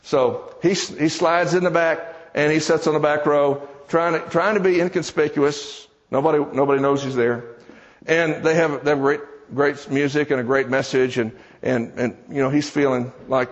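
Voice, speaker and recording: A man's voice: fairly high pitch, steady tone, moderate pace, big-room sound, muffled recording. A man preaching a sermon in church, telling a story with conversational, joking asides to the congregation. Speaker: preacher and seminar teacher.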